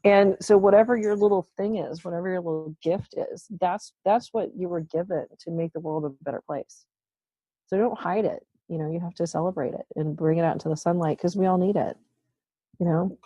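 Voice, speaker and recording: A woman's voice: lowish voice, fairly even intonation, a little fast, dark tone, slightly rough, dry recording, dull audio. A woman in her forties, a tarot reader and guest, talking bluntly and swearing freely in casual conversation. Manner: blunt, profane, forthright.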